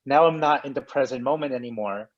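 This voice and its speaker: A man's voice: mid-range voice, fast talker, highs cut off. A man hosting a session, asking questions casually, thinking aloud with hesitant restarts and self-deprecating humor over a video call. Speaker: session host.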